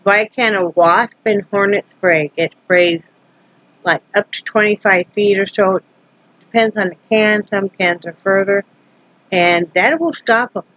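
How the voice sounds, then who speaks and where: Animated woman vlogger telling a story. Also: medium pitch, a little slow, no echo, lo-fi sound. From Wyoming. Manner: animated retelling, acting out both sides of a tense encounter; earnest, rambling, many restarts. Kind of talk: casual storytelling to camera.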